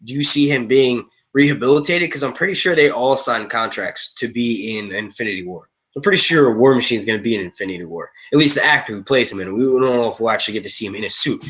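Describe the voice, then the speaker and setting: Male stream host, loose profane chatter, bright edgy voice, dull lo-fi audio. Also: medium pitch. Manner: rambling, profane, casual, says "yo" a lot. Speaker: host of a movie and TV review stream. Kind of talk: live-stream chat with viewers.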